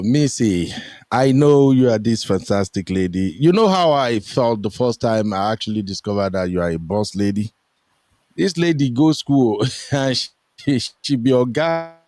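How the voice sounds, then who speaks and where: A young Nigerian man hosting a casual online talk show, animated and full of pitch jumps as he quotes people. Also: a little slow, dry recording. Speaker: host. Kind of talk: casual chat. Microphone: streaming headset mic.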